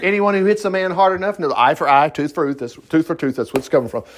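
A man teaching from the Bible in a folksy, animated way, breaking off often to joke and comment. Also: fairly high pitch, a little hiss or hum. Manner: folksy, animated, quick to laugh and digress. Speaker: preacher.

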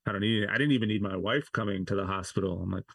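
A man with a low, gravelly voice talks through a personal story as a podcast guest. He rambles, restarts his sentences and fills gaps with "like." The sound is close and dry, with no room around it. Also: rapid-fire, a bit bright, dry recording. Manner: rambling, many "like" fillers and restarts. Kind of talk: casual interview storytelling.

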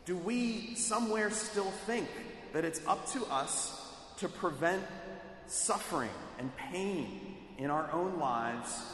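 A man preaching a sermon in a measured, emphatic way, voicing quoted speech with dramatic weight. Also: a little high, fairly bright tone, slight background noise. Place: church sanctuary. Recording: echoey hall, mic at a distance.

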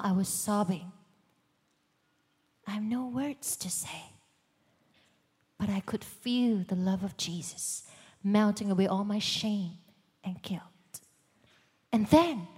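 Slow, husky woman preaching in a hall. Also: mid-range voice. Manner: swings from loud and urgent to hushed whispers. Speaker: church speaker giving a testimony. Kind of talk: sermon testimony. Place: large church hall. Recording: long hall reverb.

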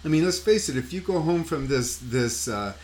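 A man's voice: fairly high pitch, moderate pace, slight background noise. A man hosting a painting podcast, telling a rambling anecdote in casual chat, with lots of "you know" and "like" and sound effects he mimics himself. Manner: animated, mimics sounds and voices while telling stories. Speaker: painting coach and podcast host.

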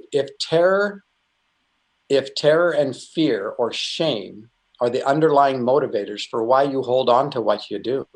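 Middle-aged man, earnest spiritual talk, rambling, many restarts, mid-pitched voice. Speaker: Christian speaker. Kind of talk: conversational spiritual teaching.

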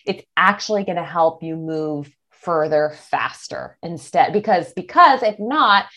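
Animated woman coach talking casually. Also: on the low side, measured pace. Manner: animated, acts out quoted thoughts. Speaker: body image coach, guest. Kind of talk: casual interview chat.

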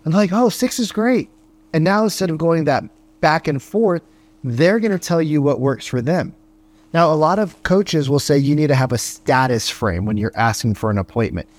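A man talking as a sales coach, firing off rhetorical questions and tagging his points with "right?". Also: fairly high pitch. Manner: punchy rhetorical questions, frequent "right?" tags; acts out phone calls in quick voices. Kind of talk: motivational podcast monologue.

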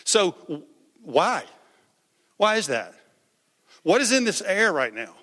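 A man's voice: sits high, big pitch swings, takes it slowly, sharp tone. A man preaching a sermon in a conversational way, asking the congregation questions and repeating words as he goes. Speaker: pastor. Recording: echoey hall.

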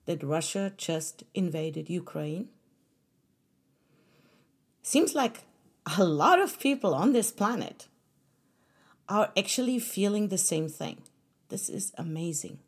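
A woman's voice: on the low side, darkish tone. Earnest woman hosting a solo podcast. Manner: earnest, conversational, with fillers and restarts. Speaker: podcast host.

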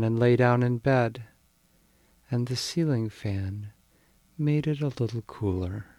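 Gravelly guy reading bedtime stories, slow n gentle, super dry sound. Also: on the low side, no room sound. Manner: gentle, unhurried storytelling. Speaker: storyteller.

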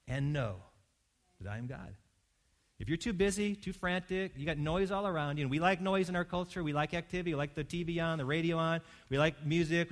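Man preaching, loud to hushed. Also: fairly high pitch. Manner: conversational preaching with wide swings from loud to hushed. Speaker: pastor. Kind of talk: sermon.

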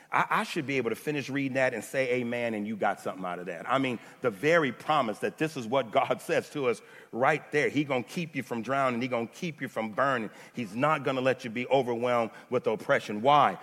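A man's voice: mid-range voice, brisk, a bit bright. A male pastor preaching a sermon, building to fervent repeated lines between chatty asides. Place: church sanctuary. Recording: long reverb of a large hall.

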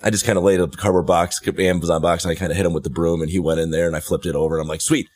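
A man hosting a podcast, telling stories in a loose, animated way and swearing casually. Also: low-pitched, rapid-fire. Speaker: podcast host. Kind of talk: casual chat.

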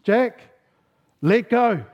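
A pastor voicing God, calm and questioning. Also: male voice, very high voice, extremely slow, pitched above the performer's own voice, full character voice. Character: calm male God speaking from above. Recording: dull lo-fi sound.

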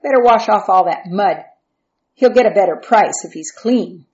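A woman voicing a mocking older brother who taunts with slow, sneering words. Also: mid-range voice, a little mellow, muffled recording, natural voice.

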